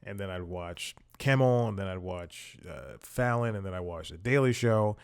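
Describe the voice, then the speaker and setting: A man's voice: sits low, normal speed, clean tone. A man hosting a casual comedy recap show, telling stories in a rambling, self-interrupting way. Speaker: host.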